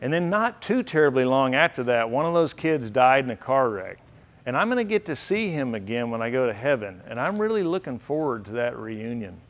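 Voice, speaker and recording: A man's voice: mid-range voice, very animated, fairly quick. A middle-aged man giving an earnest, heartfelt storytelling speech at a banquet. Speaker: banquet speaker. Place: banquet hall.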